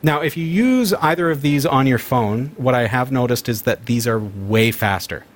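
A man's voice: medium pitch, animated, moderate pace. Chatty upbeat male host. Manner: chatty, upbeat, restarts sentences often. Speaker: host demonstrating smart speakers. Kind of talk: casual studio chat.

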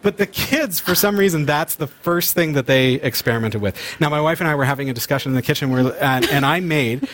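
A man's voice: a little high, fairly quick, few pauses, a bit bright. A man hosting a casual chat, talking in an upbeat, chatty way and often restarting his sentences as he demonstrates gadgets. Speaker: host demonstrating smart speakers.

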